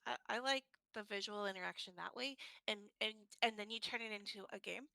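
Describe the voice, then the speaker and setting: A woman playing in a tabletop game, halting and stammering as she explains. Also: medium pitch, gravelly, sharp tone, no echo. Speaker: player. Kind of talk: casual tabletop role-play.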